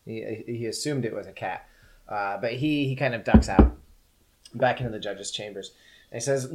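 A man's voice: lowish voice, normal speed, darkish tone. A man narrating as game master, loose and casual with many fillers.

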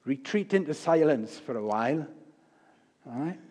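An older man giving a sermon, telling stories with humor and swinging between loud and soft delivery. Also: medium pitch, lively intonation, moderate pace, breathy edge. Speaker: preacher. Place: church. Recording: long reverb of a church hall.

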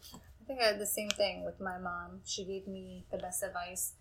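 A woman's voice: lowish voice, little pitch movement, normal speed, a bit bright, a little hiss or hum, rough recording. A young woman in casual chat, blunt and self-deprecating, who swears and asks the questions.

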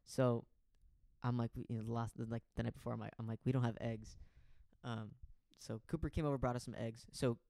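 A man's voice: medium pitch, steady tone, fast talker, creaky, dark tone, dry recording. A man co-hosting a podcast in casual chat, telling a rambling story and acting out the voices of the people in it. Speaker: podcast co-host.

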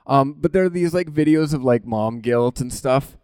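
A man preaching a conversational sermon in an animated, informal way, often breaking off mid-thought and laughing at himself. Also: medium pitch, moderate pace, clean tone, dry recording.

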